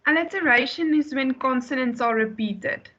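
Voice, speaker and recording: High-voiced South African student, dull recording. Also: female voice, normal speed, fairly bright tone. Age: young adult. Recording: dull lo-fi sound.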